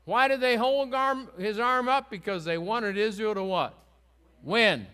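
High-voiced man teaching a folksy Bible lesson. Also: measured pace, bright, forceful tone, clear, resonant tone. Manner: folksy, chatty, asks the group questions. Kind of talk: informal Bible lesson with call-and-response.

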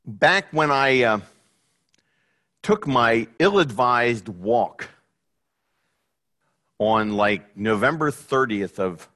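Slow, halting male preacher. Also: mid-range voice, lively intonation, bright, forceful tone. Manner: slow, halting, many fillers and restarts. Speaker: pastor. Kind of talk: sermon.

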